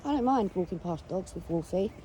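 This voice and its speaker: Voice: mid-range voice, expressive, a little fast, mellow. Chatty English-accented dog walker outdoors. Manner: chatty, rambling, talks to the dog between stories. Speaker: dog owner vlogger. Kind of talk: casual vlog storytelling. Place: outdoors on a rural walk. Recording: noisy outdoor recording with wind and traffic.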